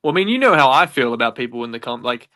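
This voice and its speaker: Bright-voiced man talking haltingly. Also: medium pitch, big pitch swings. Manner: halting, swears casually. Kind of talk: casual chat.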